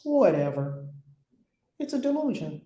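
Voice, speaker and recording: A woman's voice: mid-range voice, big pitch swings, a little slow, mellow, reverberant. A woman hosting a casual spiritual discussion, frank and slangy, often laughing. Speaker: spiritual teacher and host.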